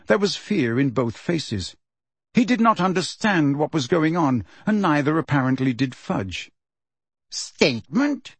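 A man narrating an audiobook with expressive, measured storytelling. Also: fairly high pitch, breathy edge, no room sound.

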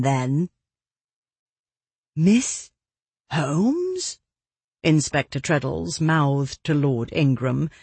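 Slow husky audiobook narrator, dry close sound, measured. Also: medium pitch, no echo. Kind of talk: scripted narration.

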